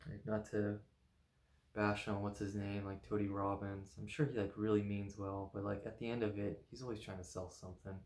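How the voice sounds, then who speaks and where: A man in a casual weekly vlog, his voice sitting a little low. He rambles along with constant "like" and "you know" fillers. He laughs easily at his own jokes. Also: little pitch movement, brisk, darkish tone, reverberant. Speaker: vlogger.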